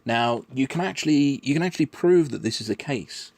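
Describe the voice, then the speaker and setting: A man explaining his answers in a measured, patient monologue, often restarting his phrases. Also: mid-range voice, expressive, darkish tone, no room sound. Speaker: vlogger answering questions.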